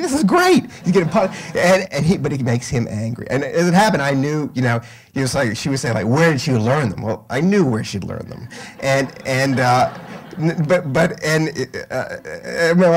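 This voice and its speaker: A middle-aged man telling a story to a live audience, halting with fillers and restarts, growing animated. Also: medium pitch.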